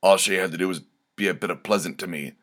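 A man doing a gruff little forest troll, deep voice, storybook reading. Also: quick pace, lightly acted.

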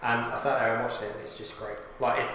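Man, rapid talk, filler-heavy chat, echoey room. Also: mid-range voice, level tone, pushed and bright, a little hiss or hum. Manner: chatty, many fillers. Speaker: podcast guest. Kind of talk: casual group chat.

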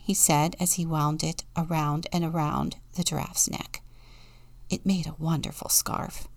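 Slow, gravelly woman reading a children's story. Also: deep voice, flat delivery, no room sound. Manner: gentle storytelling, slipping into soft whispers. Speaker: deacon. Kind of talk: reading a children's Bible story and picture book aloud.

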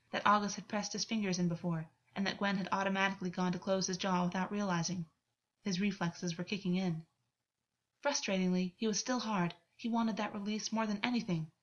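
A woman reading a novel aloud as narrator, with a measured, even storytelling delivery. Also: mid-range voice, lo-fi sound. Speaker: audiobook narrator. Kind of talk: scripted narration of fiction.

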